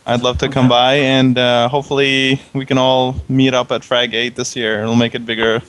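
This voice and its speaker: A man's voice: medium pitch, level tone, moderate pace, a bit bright, poor audio. A man, a guest on a casual show, easygoing and sheepish, laughing often. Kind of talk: casual chat.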